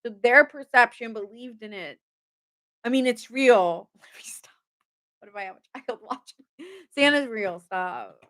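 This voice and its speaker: A woman's voice: on the high side, measured pace, a bit bright. A woman hosting a live tarot reading, chatty and playful, often laughing and greeting viewers by name.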